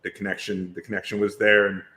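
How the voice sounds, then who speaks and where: This man talks fast in a flat, fairly low voice, with background noise in the clip. He's a podcast guest and actor, chatting casually and telling long, meandering stories full of restarts.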